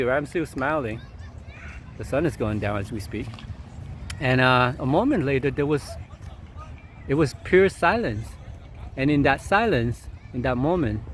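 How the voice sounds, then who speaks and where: A man's voice: fairly high pitch, a little hiss or hum. Rambling man vlogging outdoors. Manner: meandering, chuckling, filler-heavy. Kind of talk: rambling personal storytelling. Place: outdoors at sunset.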